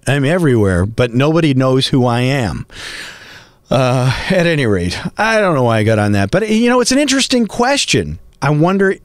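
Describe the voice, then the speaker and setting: A middle-aged man hosting a podcast, talking in a chatty, rambling, animated way. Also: medium pitch, moderate pace, dry recording, studio quality. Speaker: podcast host and voice actor. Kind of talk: casual podcast monologue.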